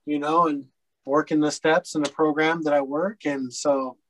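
A man from Colorado with a fairly high voice talks as a podcast guest. He tells his story candidly, rambling through fillers and swearing bluntly. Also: fairly even intonation, normal speed, a bit bright, a little hiss or hum, low-quality recording. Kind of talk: casual storytelling interview.

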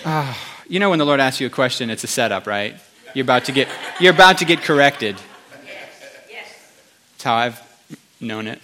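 A male pastor giving a conversational sermon, animated, with chatty asides to the congregation. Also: medium pitch, moderate pace, pauses often.

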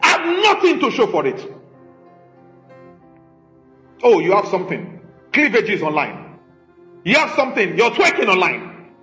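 A man's voice: high voice, wildly swooping pitch, moderate pace, sharp tone. A man preaching a sermon as pastor, emphatic and rhetorical, scolding his congregation. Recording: echoey room with faint music.

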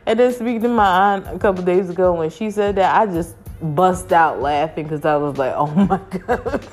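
A woman's voice: fairly low pitch, normal speed, a little mellow, faint music behind. A young woman vlogging to her viewers in a chatty, casual way, laughing often and addressing them as y'all.

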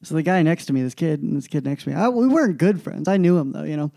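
High-voiced young man telling stories. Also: fast, creaky, dry recording. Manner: animated storyteller, acts out quoted voices. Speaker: podcast co-host. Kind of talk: casual chat.

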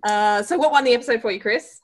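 A woman's voice: fairly high pitch, quick pace. A woman hosting a casual podcast, talking enthusiastically as she steers the conversation. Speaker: podcast host.

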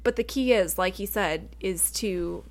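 A woman's voice: medium pitch, unhurried. A woman co-hosting an advice podcast in a casual chat. She talks earnestly and chattily, with frequent "like"s. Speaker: podcast co-host.

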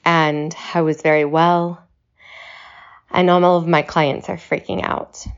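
Woman, short of breath, slow reassuring talk, low voice, dull lo-fi sound. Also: little pitch movement, clear, resonant tone. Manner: slow, reflective, reassuring delivery. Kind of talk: personal video message.

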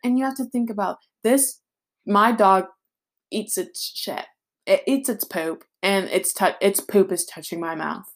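Young female podcast co-host, casual and animated, leans hard into mock outrage. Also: medium pitch. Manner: animated, exaggerated disgust, drawn-out emphasis. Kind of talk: casual chat.

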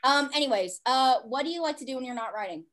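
Bubbly high-voiced woman host. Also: expressive, fast. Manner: bubbly, swears casually, bursts into loud laughter. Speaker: podcast host. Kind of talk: casual interview chat.

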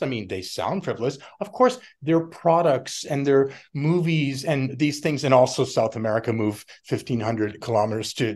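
A middle-aged man talking casually as a podcast guest, rambling and animated, often laughing and acting out other people's voices. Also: mid-range voice. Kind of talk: casual conversation.

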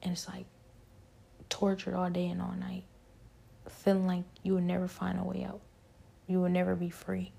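Gravelly woman whispering a spiritual testimony. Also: fairly low pitch, completely flat delivery, moderate pace, long pauses. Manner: hushed, often whispering, rambling.

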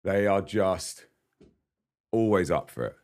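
Very deep-voiced chatty man. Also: expressive, takes it slowly, darkish tone. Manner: chatty, rambling, laughs often. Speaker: podcast guest, singer-songwriter. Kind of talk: casual interview chat. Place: studio.

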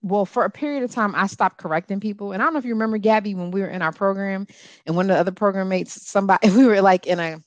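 A woman's voice: mid-range voice, racing, no echo. A woman co-hosting a podcast, talking candidly and with exasperation about her experiences. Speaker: podcast co-host. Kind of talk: casual chat.

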